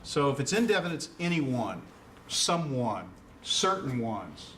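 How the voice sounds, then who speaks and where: A man in the mid range, speaking a little slowly with a sing-song, fairly bright tone, leads a casual Greek class. He explains with many fillers and turns to his students with questions. A distant mic captures him along with faint noise.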